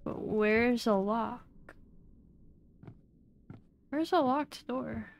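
A woman's voice: on the high side, drawn-out words, gravelly, a little hiss or hum. A young woman streaming a horror game, chatting playfully and breaking into mock-dramatic outbursts.

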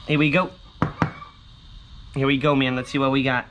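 Close to a tabletop camera indoors, a man vlogging his lottery ticket scratching chats with viewers and hollers catchphrases. His voice is hoarse from the shouting, medium-pitched and level, at a moderate pace, with background noise.

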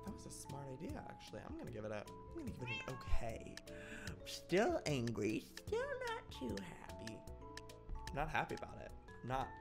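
A young man in his twenties giving excitable let's-play commentary, dramatic and given to silly exclamations and mock-outraged shrieks. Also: a little high, normal speed, creaky, loud music behind the voice. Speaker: gaming YouTuber.

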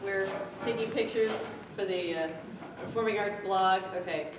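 A woman emceeing a festival performance session, brisk with hesitant fillers and formal address to the audience. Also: medium pitch, background noise. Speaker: event organizer and emcee. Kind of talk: announcing to an audience. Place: event hall at a medieval arts festival. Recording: echoey hall from far off.

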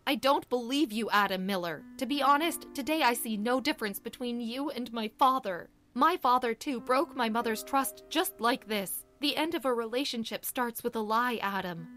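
A woman's voice: a little high, moderate pace, few pauses, soft background music, pitched above the performer's own voice, natural voice. Woman voicing a furious betrayed young wife. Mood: bitter. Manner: accusing, sobbing, shouting questions. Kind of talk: audiobook character voice.

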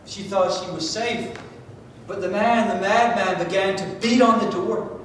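A man from Georgia preaching a sermon, telling a story with drama, swinging from loud to hushed. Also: steady tone, a little slow. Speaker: pastor. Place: church sanctuary. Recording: echoey church hall from far off, faint rumble.

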